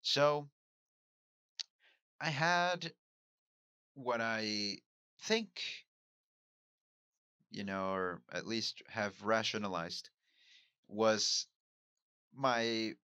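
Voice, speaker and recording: A Mexican man who hosts a podcast and performs amateur stand-up talks through his week in a solo monologue, musing, candid, and questioning himself. His voice is lowish with a sharp, clean tone, and he speaks extremely slowly with long pauses. The recording is dry and of studio quality.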